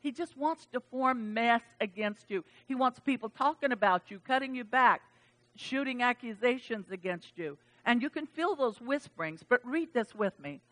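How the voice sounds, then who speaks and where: A woman's voice: a little high, animated, moderate pace, a bit bright. A woman pastor preaching a sermon, emphatic and chatty, with casual asides to the congregation.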